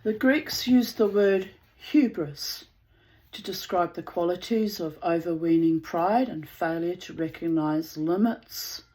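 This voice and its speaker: A woman's voice: lowish voice, takes it slowly, dark tone, poor audio. A woman reading old myths aloud as a storyteller, with casual spoken asides.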